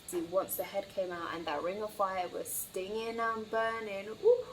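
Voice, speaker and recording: A woman's voice: medium pitch, normal speed, slight background noise. A woman telling a personal story in a casual, chatty vlog, full of fillers and acted-out quotes. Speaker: vlogger.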